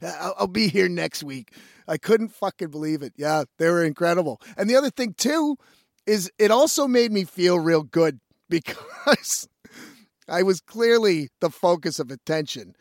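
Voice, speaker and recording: A man's voice: high voice, animated, normal speed, dry recording, studio quality. Profane, laughing man telling a story. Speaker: musician. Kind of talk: casual storytelling monologue.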